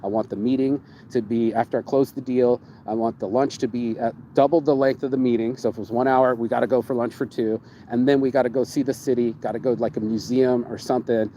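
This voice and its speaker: A man hosting a casual chat, telling his travel stories in an excitable, profane way and repeating words for emphasis. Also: medium pitch, fast talker, few pauses, a little hiss or hum, poor audio. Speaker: show host.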